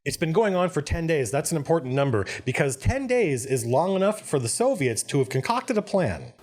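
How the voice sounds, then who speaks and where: Brief: male host, fast, expressive delivery, slightly higher voice, casual film-commentary tone. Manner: animated, quick, conversational explaining. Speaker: video essay host.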